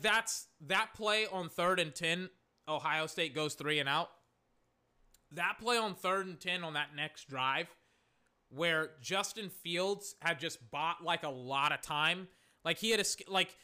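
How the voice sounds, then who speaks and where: A young man giving excitable, rambling live reaction commentary on a football game, with exasperated asides. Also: high-pitched, clear, resonant tone.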